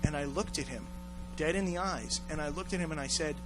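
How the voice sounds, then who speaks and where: A man telling a rough story on a casual talk show, swearing a lot and acting out the voices of the people in it. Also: a little high, a little fast, music in the background, low-quality recording. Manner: profane, animated, acts out voices in his story. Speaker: podcast host telling a story.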